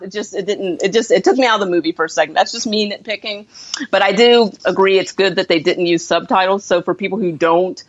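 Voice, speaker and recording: A woman co-hosting a movie podcast, blunt and quick to laugh, with some swearing. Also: fairly low pitch, dry recording, muffled recording. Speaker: podcast co-host. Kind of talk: casual chat.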